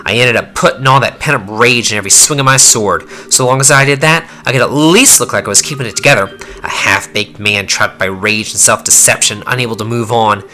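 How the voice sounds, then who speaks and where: A man voicing a rough-spoken young fighter, reading game dialogue aloud with blunt, slangy talk. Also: medium pitch, a little fast, hardly any pauses, sharp tone.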